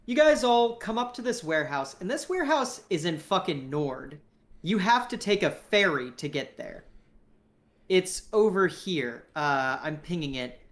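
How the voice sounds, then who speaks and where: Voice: mid-range voice, lively intonation, unhurried. A game master casually narrating a tabletop game, hesitant and full of fillers.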